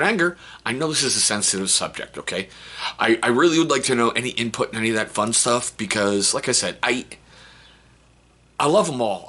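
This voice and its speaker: A man's voice: medium pitch, sharp tone, slightly rough. A middle-aged man vlogging casually about family life, rambling and self-mocking, often restarting his sentences. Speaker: vlogger, stepfather. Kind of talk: casual talk to camera.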